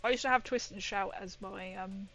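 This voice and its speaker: A woman's voice: mid-range voice, moderate pace, a bit bright, low-quality recording. A woman painting miniatures and chatting with viewers in a rambling, giggly way. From Britain. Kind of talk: casual chat while painting.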